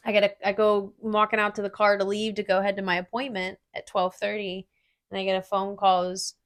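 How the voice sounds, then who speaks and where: Blunt, animated woman podcaster. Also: medium pitch, fairly quick. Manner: blunt, animated, swears casually. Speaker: podcast co-host. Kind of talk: casual podcast chat.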